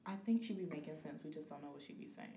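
A young woman tells stories on a casual podcast, slangy and quick to laugh. Her voice is slightly low for a woman. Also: slight background noise. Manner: lively storyteller, laughing, slangy. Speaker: podcast co-host.

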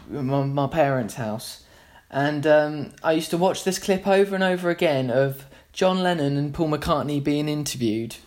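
A man's voice: fairly high pitch, a little mellow. A man, a musician, telling a long casual anecdote in a rambling way, full of fillers and restarts.

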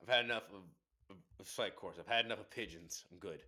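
A young man, a college football player, chatting casually in a relaxed way, with halting restarts and casual swearing. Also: low voice. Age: young adult. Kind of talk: casual chat.

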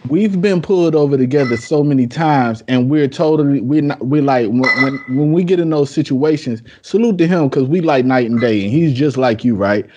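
A man's voice: mid-range voice, normal speed, hardly any pauses, a little mellow, lo-fi sound. A man hosting a podcast, chatting casually in slang with frequent stumbling restarts. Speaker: podcast host. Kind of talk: casual chat.

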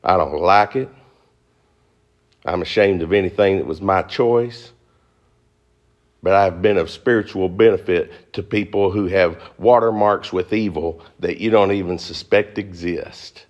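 A middle-aged male pastor preaching a sermon to a congregation, fast and folksy, rising into high emphatic bursts. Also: lo-fi sound. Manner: fast-talking, folksy with y'all and ain't. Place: church before a congregation.

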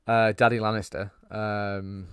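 A man's voice: lowish voice, level tone, unhurried, fairly bright tone, clean tone, no echo. A man chats through a cheesy film on a podcast. He rambles and swears, and the close mic is dry and free of room sound. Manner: rambling, swearing, laughing at his own jokes. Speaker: podcast co-host. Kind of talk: casual film-review chat.

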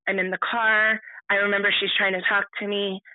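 Woman guest recounting her own past, halting and restarting often; thin phone-line sound. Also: medium pitch, flat delivery, no room sound. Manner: halting, full of restarts and fillers. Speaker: podcast guest. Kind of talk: personal storytelling.

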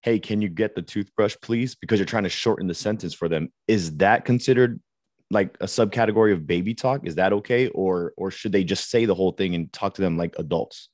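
Very deep-voiced man co-hosting a podcast. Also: a little fast, a little mellow, no echo, studio quality. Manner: asks questions conversationally. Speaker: podcast co-host. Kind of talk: casual podcast chat.

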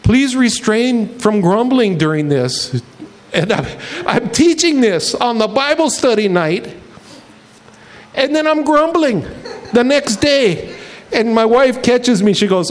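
Animated storytelling pastor, a man. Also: very high voice, takes it slowly. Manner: storytelling, laughs at own jokes, animated. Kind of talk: sermon.

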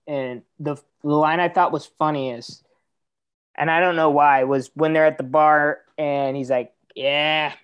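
A young man on a podcast, chatting casually about comedy films, rambling with restarts, swearing and laughing often. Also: a little high. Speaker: podcast co-host. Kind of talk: casual movie chat.

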